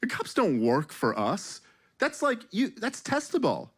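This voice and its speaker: A man performing a stand-up comedy set on a club stage, talking sarcastically and profanely in an animated way, with mock voices. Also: sits high, unhurried, slightly rough.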